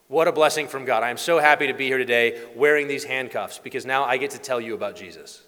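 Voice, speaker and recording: A man preaching a sermon, telling the story with animated asides and acted-out voices. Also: medium pitch, quick pace, hardly any pauses. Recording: long hall reverb.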